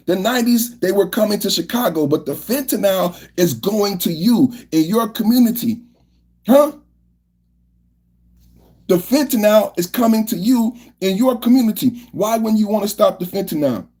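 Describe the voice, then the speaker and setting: A man's voice: high voice, lively intonation, normal speed, a little mellow. A male podcast host doing political commentary, firing off repeated rhetorical questions and often asking viewers to like the video. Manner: repetitive, fired-up rhetorical questions.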